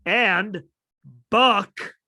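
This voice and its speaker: A young man co-hosting a casual wrestling podcast, ranting with lots of swearing and sudden shouted bits of quoted dialogue. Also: sits high, extremely slow. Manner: ranting, profane, animated, shouts out quoted lines. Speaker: podcast co-host.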